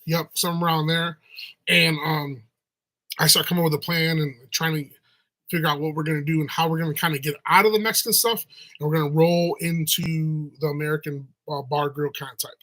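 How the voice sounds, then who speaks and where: Middle-aged guy rambling casually, high voice, bright tone, lots of restarts. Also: fairly even intonation, a little fast, poor audio. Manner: rambling, restarts often, acts out voices of others. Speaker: restaurant owner. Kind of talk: casual storytelling monologue.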